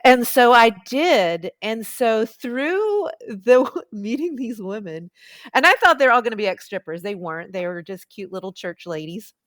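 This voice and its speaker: A woman's voice: a little high, a little slow, no room sound, clean studio sound. A woman telling her personal story as a podcast guest, chatty and full of "like" fillers. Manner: chatty, many "like" fillers, lively quoted voices. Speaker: podcast guest, nonprofit founder.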